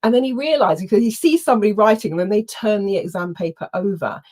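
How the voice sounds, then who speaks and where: A middle-aged woman, telling a personal story in an animated way, acting out quotes and laughing often. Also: medium pitch, fast. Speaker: workshop host. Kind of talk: storytelling talk.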